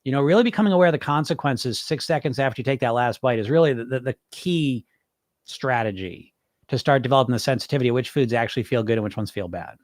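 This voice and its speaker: A man's voice: medium pitch, fast, dry recording, studio quality. A man hosting a weight-loss podcast, answering viewer comments in a casual, rambling way with plenty of swearing. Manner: animated, profane, rambling.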